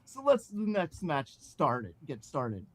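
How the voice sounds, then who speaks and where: A cackling villain takes over a wrestling show as its new ringmaster, played by a man at a tabletop game. He sneers and gloats with gleeful glee, his voice rising and falling in lively swings. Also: on the high side, slow, slightly rough, voice pushed up, full character voice. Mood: taunting.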